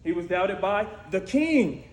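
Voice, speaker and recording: Male preacher, storytelling sermon, high pitch, lively asides, roomy church echo. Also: measured pace. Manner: lively, conversational, frequent "right?" asides. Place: church sanctuary. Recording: echoey church room with faint noise.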